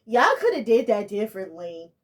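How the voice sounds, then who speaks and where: A woman's voice: medium pitch, big pitch swings, moderate pace. A young woman, giving a casual, rambling and exasperated review of a TV show.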